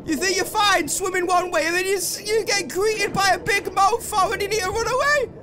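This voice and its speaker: A man commentating on a video game he plays, excitable and full of swearing, yelps and laughs. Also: very high-pitched, fairly quick, crowd noise. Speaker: gaming video host. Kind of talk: let's play commentary.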